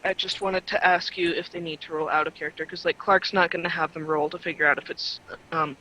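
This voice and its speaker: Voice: mid-range voice, fairly even intonation, quick pace, pushed and bright, a little hiss or hum, rough recording. A tabletop game player chatting casually, stepping in and out of character, prone to giggling and restarting sentences. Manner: giggly, talks in restarts and fillers.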